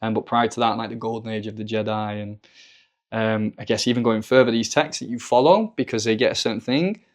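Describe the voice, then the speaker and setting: A man's voice: fairly low pitch, brisk. A man chatting as a podcast guest, talking thoughtfully in a rambling way with many fillers. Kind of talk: casual spiritual discussion.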